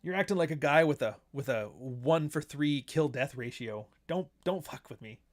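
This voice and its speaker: A blunt, foul-mouthed man talks straight through a casual monologue as host of his own show. His voice sits a little higher than most men's. He slips into mocking put-on voices when he quotes others. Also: lively intonation, normal speed.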